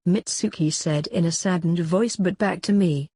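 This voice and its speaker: A woman narrating a first-person story in a plain, even reading. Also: on the low side, moderate pace, few pauses, breathy edge, dry recording. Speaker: audiobook reader.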